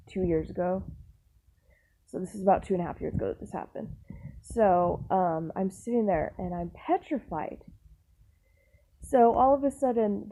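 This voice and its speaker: A young woman vlogging, telling a personal story in a chatty, animated way, full of restarts and exasperated asides. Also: mid-range voice, slight background noise, rough recording. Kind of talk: casual storytelling.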